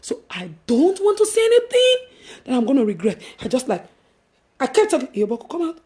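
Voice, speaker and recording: A woman with a Nigerian accent telling a story in casual chat, animated, laughing and swinging between loud and hushed. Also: sits high, fairly quick. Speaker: evangelist vlogger.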